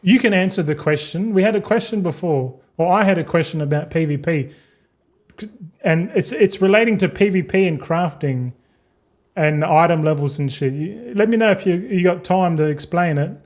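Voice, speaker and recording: Casting: young male streamer, slightly high voice, loose, sweary, chatty. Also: moderate pace. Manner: rambling, swearing, talks to chat. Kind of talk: casual livestream chat.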